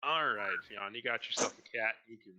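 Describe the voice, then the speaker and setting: A man narrating as dungeon master, relaxed and hesitant, with many fillers. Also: on the low side, fairly quick. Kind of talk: narrating a tabletop game. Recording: dull lo-fi mic.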